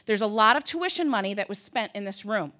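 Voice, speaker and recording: A woman in her fifties, a conference presenter telling lively stories with humorous asides. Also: mid-range voice, fairly quick. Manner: lively storytelling with asides, humor and acted quotes. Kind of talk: conference talk.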